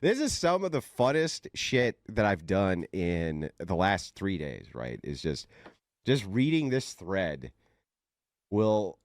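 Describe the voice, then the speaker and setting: A man's voice: low-pitched, dry recording, clean studio sound. A man hosting a livestream, reading posts aloud and mocking them in a profane, laughing way. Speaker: livestream host.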